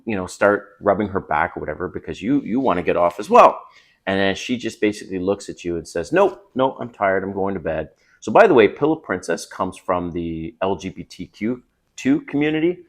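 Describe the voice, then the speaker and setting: A middle-aged man with a deep, low voice offers dating advice straight to the camera. His delivery is casual and emphatic, and he keeps checking in with whoever is listening.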